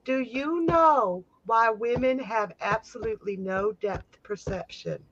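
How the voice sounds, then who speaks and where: High-voiced woman, slow and playful. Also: muffled recording, crowd noise. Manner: playful, unhurried. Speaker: guest on a live stream. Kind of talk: casual joke telling.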